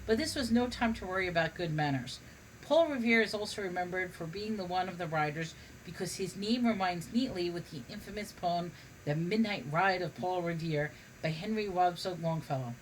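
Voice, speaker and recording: A woman's voice: lowish voice, normal speed, slight background noise, rough recording. Woman reading a funny history book aloud. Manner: stumbles and restarts on words while reading. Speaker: reader.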